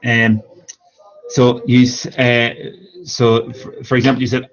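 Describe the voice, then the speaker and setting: A man teaching English online, giving patient, encouraging feedback to students and repeating corrections slowly. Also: medium pitch, monotone. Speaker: English speaking teacher, former exam examiner. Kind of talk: live-streamed speaking feedback. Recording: dull lo-fi stream audio.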